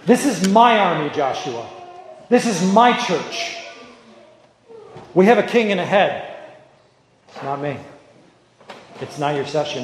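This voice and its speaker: A man preaching a sermon, building his points through rhetorical repetition and measured emphasis. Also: a little high, background noise. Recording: echoey hall, some distance from mic.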